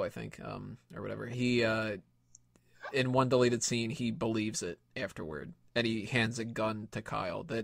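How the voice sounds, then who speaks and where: A man's voice: on the low side, creaky, dry recording. Casual man hosting a podcast. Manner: animated retelling with profanity and impressions. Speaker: podcast host. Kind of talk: casual movie-review chat.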